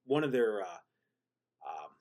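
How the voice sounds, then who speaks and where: A man hosting a vlog, telling a rambling story with many restarts and deadpan self-mocking humor. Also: on the low side, a little slow. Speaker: channel host.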